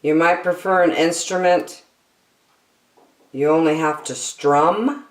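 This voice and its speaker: A woman's voice: sits low, fairly even intonation, slow. A woman voicing a helpful male lion in a storybook, in a matter-of-fact advising manner, recorded in an echoey room.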